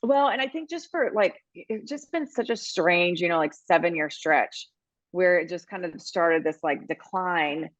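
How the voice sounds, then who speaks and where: A woman's voice: on the low side, moderate pace, no room sound, dull audio. Emotional, rambling middle-aged woman. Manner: emotional, rambling storyteller with restarts. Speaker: podcast co-host and baseball team reporter. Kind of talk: casual chat.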